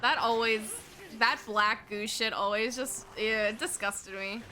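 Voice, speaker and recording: Excitable, foul-mouthed young woman streamer. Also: fairly high pitch, measured pace, a little hiss or hum. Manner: excitable, swears a lot, rambling. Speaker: game streamer. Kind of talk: casual let's-play commentary.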